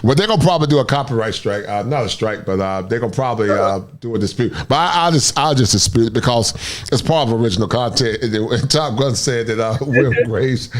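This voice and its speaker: A man's voice: medium pitch, a little fast. A man hosting a podcast, casual and affirming, often saying right and laughing easily. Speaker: podcast host.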